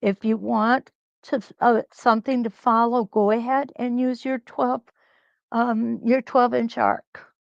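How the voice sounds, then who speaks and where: A woman hosting a live quilt-along, talking slowly and reassuringly as she thinks aloud through each stitching step. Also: a little high, little pitch movement, creaky, no echo, highs cut off. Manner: slow, reassuring, thinks aloud while sewing.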